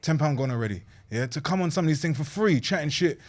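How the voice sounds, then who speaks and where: A man's voice: fairly high pitch, lively intonation, fast, a little mellow. A young man, chatting bluntly as a podcast guest, swearing freely and saying bruv a lot. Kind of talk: casual chat.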